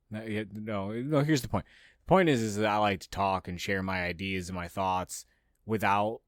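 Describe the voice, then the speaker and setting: Male podcast host, low-pitched, dry close sound, rants and swears freely. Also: no echo. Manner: profane, ranting, mocks others in raised voices. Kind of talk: casual opinionated monologue.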